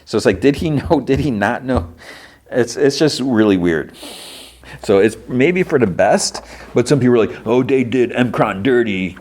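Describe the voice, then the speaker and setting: A man hosting a podcast, recapping a cartoon episode in a rambling, casual way and quickly acting out the characters' lines. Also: medium pitch, lively intonation, darkish tone. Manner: rambling, filler-heavy retelling with quick quoted lines. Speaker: podcast host.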